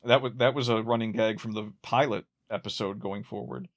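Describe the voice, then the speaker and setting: A man's voice: fairly low pitch, steady tone, a little fast. Rambling man chatting about an old sitcom. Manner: rambling, many restarts, chuckles at his own jokes. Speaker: podcast co-host. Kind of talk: casual chat about a sitcom.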